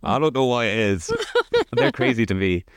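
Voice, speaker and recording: A man's voice: medium pitch, animated, moderate pace, smooth, no echo, clean studio sound. A man hosting a podcast, reading an old fairy tale aloud and breaking off for wry, chatty asides. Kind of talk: casual storytelling with joking asides.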